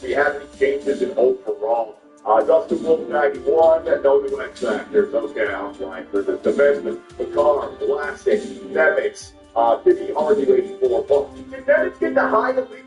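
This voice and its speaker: A man's voice: a little high, lively intonation, normal speed, music in the background. A young man commentating his own gameplay, thinking aloud and getting frustrated. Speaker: gaming channel host. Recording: roomy, somewhat distant mic.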